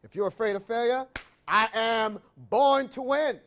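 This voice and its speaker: A man's voice: very high-pitched, a little slow, fairly bright tone. A man giving an emphatic motivational talk on stage, telling the audience what to write and repeating key phrases. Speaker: motivational speaker. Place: event stage.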